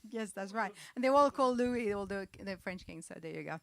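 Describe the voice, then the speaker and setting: A woman's voice: medium pitch, animated, brisk, gravelly. A woman co-hosting a casual livestream, explaining with many hesitations. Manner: hesitant, lots of fillers. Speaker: co-host.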